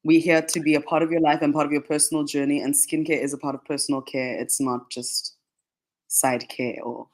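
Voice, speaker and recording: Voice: mid-range voice, flat delivery, fairly quick. A radio guest explaining skincare in a chatty way, with many "like" fillers and frequent laughs. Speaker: guest, skincare brand marketing manager. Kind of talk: radio interview answers. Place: radio studio.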